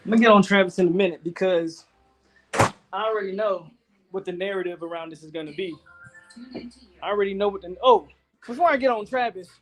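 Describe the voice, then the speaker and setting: A man hosting a live fan reaction stream, out of breath, talking in excited, repetitive slang outdoors in the wind. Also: sits high, fairly quick, long pauses. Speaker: channel host. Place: outdoors, windy.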